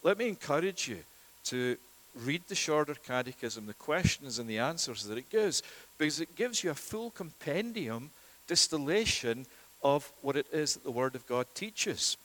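A man preaching a sermon, earnest and emphatic, repeating key phrases for stress and dropping low on solemn lines. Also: very animated, normal speed, fairly bright tone.

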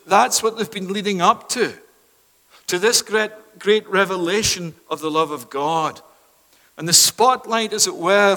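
A man with a high, bright, ringing voice delivers a sermon from a church pulpit. He moves between forceful proclamation and hushed, almost whispered pleading. The sound trails off in the long reverb of a large hall. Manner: swings from loud proclamation to hushed near-whispers. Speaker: preacher.

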